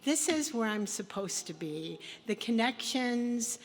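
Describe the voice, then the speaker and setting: A woman giving a short acceptance speech at an award event, grateful and slightly halting. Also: on the high side, expressive. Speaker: award recipient. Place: event hall. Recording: long hall reverb with faint noise.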